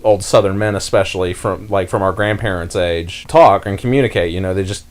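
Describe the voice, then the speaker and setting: Lower-voiced young man chatting casually. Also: brisk. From North Carolina, US. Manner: rambling, talks with many fillers and restarts. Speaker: podcast host. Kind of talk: casual podcast chat.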